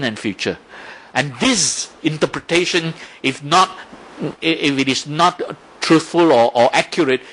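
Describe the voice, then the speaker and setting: Lively high-voiced man teaching mindfulness. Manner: explanatory, asks rhetorical questions, frequent "right?". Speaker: Buddhist teacher. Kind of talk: dharma talk lecture.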